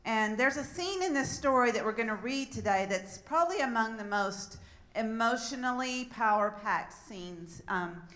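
A woman pastor preaching and reading a Bible passage aloud, relaxed and laughing at her own slips. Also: a little high, moderate pace.

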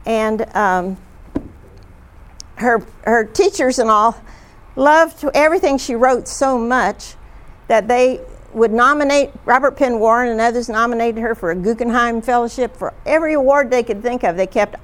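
A woman leading a group discussion, retelling stories in a chatty, halting way with frequent fillers. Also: a little high. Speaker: discussion leader.

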